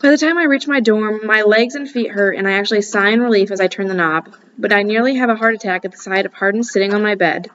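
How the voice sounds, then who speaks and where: A woman's voice: mid-range voice, fast talker, hardly any pauses, a bit bright, muffled recording, slight background noise. A woman reading a first-person novel aloud, casual and breaking off now and then for asides. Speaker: audiobook reader.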